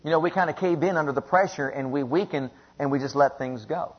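A man's voice: on the high side, fast, husky. A man preaching a sermon in an emphatic, repetitive way, often asking the congregation questions, on a dull lo-fi recording.

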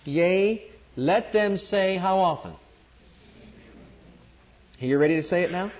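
A man's voice: high voice, slow, pauses often, muffled recording. A man preaching a sermon and calling on the congregation to join in. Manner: emphatic, calls on the congregation to respond.

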